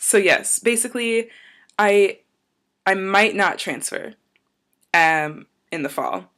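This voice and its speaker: A young woman records a casual vlog, talking straight to her viewers. She rambles cheerfully, jumps from one tangent to the next and keeps a chatty, upbeat flow at a middling pitch. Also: lively intonation, slow pace, a bit bright. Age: young adult. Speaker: vlogger. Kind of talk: casual chat to camera.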